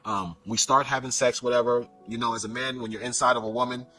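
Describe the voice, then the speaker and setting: A man telling a personal story in a casual, animated way, acting out the dialogue as he goes. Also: medium pitch, faint music behind. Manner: fast, animated retelling with quoted dialogue.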